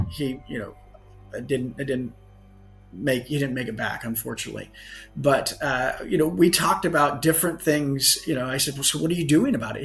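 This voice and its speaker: A man's voice: a little high, fairly bright tone. A man, a guest author on a podcast, telling a story earnestly and often correcting himself mid-sentence. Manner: earnest anecdote telling with frequent self-corrections.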